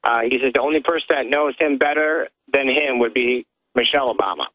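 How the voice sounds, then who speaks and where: A man's voice: medium pitch, fairly quick, no room sound. Hesitant male producer on a tinny phone line. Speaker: radio show producer. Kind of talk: phone interview.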